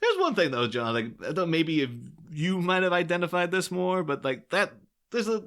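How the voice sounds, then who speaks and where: A man's voice: high voice, moderate pace, fairly bright tone, smooth. A man co-hosting a podcast in casual film-discussion chat, rambling and laughing often. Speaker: podcast co-host.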